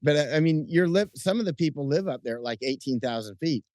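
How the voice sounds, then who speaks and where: A middle-aged man chatting outdoors at night as an interview guest, telling animated stories with frequent restarts and chuckles. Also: fairly high pitch, fast talker, no echo. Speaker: interview guest, combat correspondent. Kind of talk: casual interview chat. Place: outdoors at night under lights.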